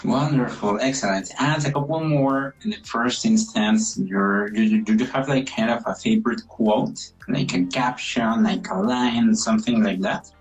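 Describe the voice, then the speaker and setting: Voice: medium pitch, normal speed, hardly any pauses, soft background music, rough recording. An interviewer asking casual questions hesitantly, often repeating words.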